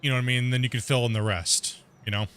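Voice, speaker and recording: Fast-talking streamer guy, chatty and rambling while he plays, mid-pitched voice. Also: steady tone, fairly bright tone, clear, resonant tone. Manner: talks extremely fast, rambling with many restarts. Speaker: streamer host. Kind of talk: casual gaming chat.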